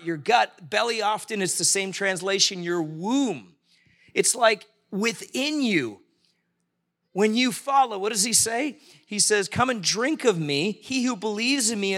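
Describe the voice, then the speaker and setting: A man's voice: high voice, pushed and bright. A man preaching a conversational sermon in a live-streamed church service, often asking the congregation questions. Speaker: pastor.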